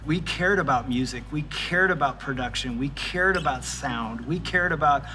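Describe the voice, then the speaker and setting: A man in his sixties, a pastor, telling the story of his ministry in a casual, animated way. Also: a little high, normal speed, slight background noise. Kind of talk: church service talk and testimony.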